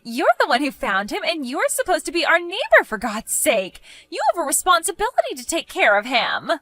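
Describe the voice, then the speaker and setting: A woman's voice: high-pitched, very animated, fairly quick, fairly bright tone, dry recording, voice pushed up. A woman voicing a selfish, defensive woman neighbor who scoffs and bristles in a narrated story. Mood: indignant. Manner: indignant, scoffing.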